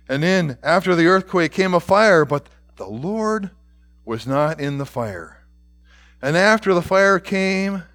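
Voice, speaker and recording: A male pastor delivers a sermon at an unhurried pace, his voice sitting a little high for a man. He reads scripture with dramatic weight and sometimes sinks into a hushed whisper. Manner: slow, dramatic reading that drops to a whisper.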